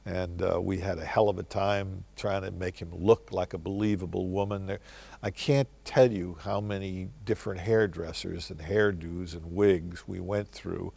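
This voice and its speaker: A man's voice: deep voice, creaky, darkish tone, breathy edge. An older man, a film director, telling wry, reflective stories in answer to interview questions.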